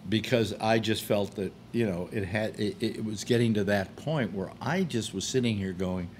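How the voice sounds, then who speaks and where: Rambling, hesitant man with a low voice. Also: moderate pace, a little mellow, slight background noise. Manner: rambling, many fillers and restarts, swearing when frustrated. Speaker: host. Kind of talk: casual monologue.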